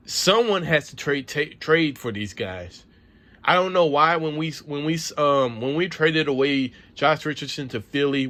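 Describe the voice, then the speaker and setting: Here a male sports vlogger vents his frustration on camera, swearing and repeating points as he rants. His mid-range voice carries a bit of brightness.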